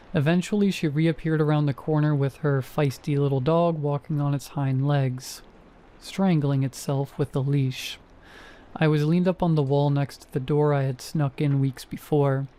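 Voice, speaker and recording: A man narrating a first-person horror story in a steady, measured way. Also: medium pitch.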